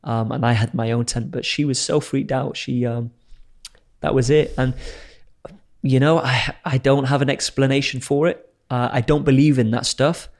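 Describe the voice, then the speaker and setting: A young man tells his story in a loose, lively way, acting out bits of dialogue and dropping the odd swear word. His voice sits in an ordinary middle pitch. The delivery is chatty. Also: creaky. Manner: animated storyteller, swears freely, acts out quotes. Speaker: explorer telling his adventures as a guest. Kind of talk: casual storytelling.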